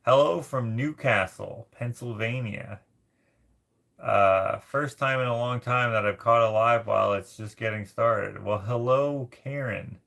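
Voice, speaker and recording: A man from Canada hosting a casual livestream, reading viewer comments aloud and rambling as he thinks out loud. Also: mid-range voice, measured pace, gravelly. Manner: rambling, thinks out loud while searching things up. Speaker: livestream host.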